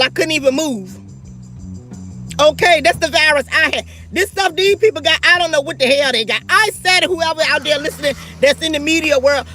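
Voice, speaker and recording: High bright-voiced ranting woman. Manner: fiery, profane, talks straight to viewers. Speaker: livestream host. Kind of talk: livestream rant.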